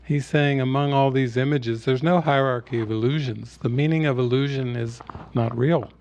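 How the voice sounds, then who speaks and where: A man giving a spiritual teaching talk at an online retreat, retelling a film scene in a relaxed storytelling way. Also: medium pitch, moderate pace, muffled recording.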